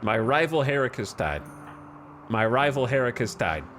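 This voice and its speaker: A man's voice: mid-range voice, big pitch swings, moderate pace, a bit bright, a little hiss or hum. A man voicing an impassioned, grandiose gang-boss-style figure with a put-on Birmingham accent, delivering a scolding eulogy.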